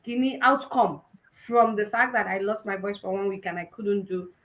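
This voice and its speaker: A young woman with a Nigerian Yoruba-tinged accent, giving an animated personal testimony at a conference and mixing in Yoruba phrases. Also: mid-range voice, moderate pace, low-quality recording. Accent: Nigerian, Yoruba-influenced English. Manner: animated storytelling, switching between English and Yoruba. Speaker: conference speaker.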